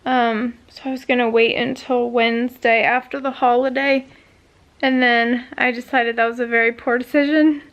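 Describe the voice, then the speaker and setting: A woman's voice: on the high side, little pitch movement, normal speed, dull audio. A woman vlogger chatting casually, telling a long story with many fillers and asides. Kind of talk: casual chat.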